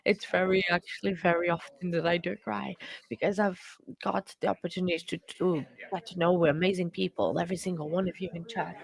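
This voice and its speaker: A woman hosting a live stream, chatting with viewers in an earnest, emotional way, halting with many fillers and restarts. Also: fairly low pitch, fairly even intonation, vocal fry. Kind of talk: casual chat with live viewers about a court case.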